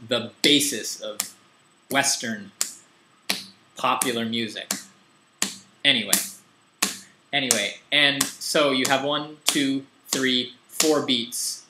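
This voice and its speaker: A man's voice: medium pitch, noisy background. Young man teaching guitar, echoey room. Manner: relaxed, rambling, self-deprecating. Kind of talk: casual guitar lesson. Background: guitar strumming.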